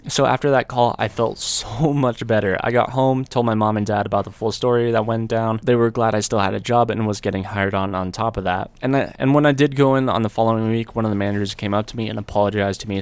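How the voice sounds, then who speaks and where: A man's voice: fairly low pitch, clear, resonant tone, no room sound. A young adult man telling a story from his own life in a casual, laid-back way, with slang and the odd swear word.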